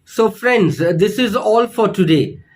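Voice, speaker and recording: A man teaching pronunciation. He speaks slowly and deliberately and repeats each word for learners. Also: high-pitched, low-quality recording. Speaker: English teacher. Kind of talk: pronunciation lesson.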